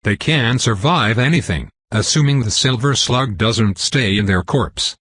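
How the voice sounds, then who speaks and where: A man's voice: mid-range voice, expressive, a little slow, fairly bright tone, husky, dry recording. A man voicing a weathered male wolf hunter in an audiobook, warning matter-of-factly about the enemy. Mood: grim.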